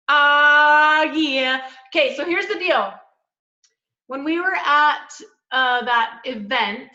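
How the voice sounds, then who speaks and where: Bright sharp woman, all excited and heartfelt, dull muffled call audio. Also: sits high. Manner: enthusiastic, heartfelt. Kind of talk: casual chat on a team video call.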